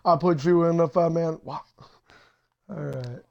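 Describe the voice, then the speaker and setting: Profane, impatient high-voiced young man. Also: unhurried, vocal fry, dull audio. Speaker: online wrestling league host. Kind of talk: casual livestream talk while setting up matches.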